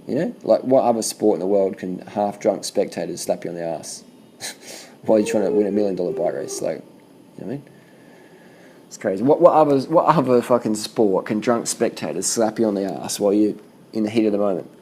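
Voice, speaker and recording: A man with a low, gravelly voice gives casual reaction commentary over bike race footage. His tone is dark and mellow, and he swears freely as he talks in loose, animated bursts over a faint hiss of background noise. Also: a little fast, low-quality recording.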